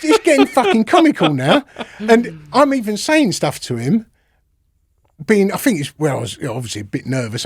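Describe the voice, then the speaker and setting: London man telling a rough story. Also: a little high, no room sound, studio quality. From England. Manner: swears freely, lively retelling with acted-out quotes. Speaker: podcast guest. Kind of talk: casual storytelling.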